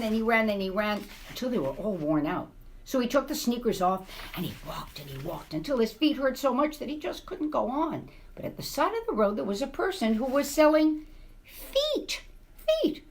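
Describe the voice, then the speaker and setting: A middle-aged woman reads a children's book aloud, her voice swooping high and low with lively expression. A faint hiss sits under the recording. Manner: animated and expressive. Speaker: TV news anchor as guest reader.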